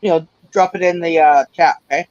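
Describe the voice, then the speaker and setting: A woman's voice: fairly low pitch, fairly even intonation, a little fast, darkish tone, highs cut off. A woman chatting casually in a rambling way, full of fillers and frequent laughs. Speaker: stream chat participant. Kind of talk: casual chat.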